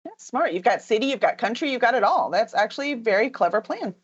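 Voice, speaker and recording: A woman hosts an interview over a video call, eager and quick to laugh. Her voice sits fairly high and moves a lot, and her audio comes through somewhat dull and lo-fi. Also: big pitch swings, slightly rough. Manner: enthusiastic, laughs often. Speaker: podcast host. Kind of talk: casual interview chat.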